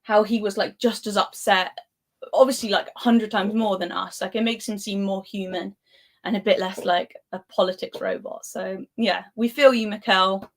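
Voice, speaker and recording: A woman's voice: medium pitch, fairly even intonation, normal speed. A young woman who grew up in Spain, hosting a football live stream in casual, giggly chat and reading viewers' comments aloud. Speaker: football channel host.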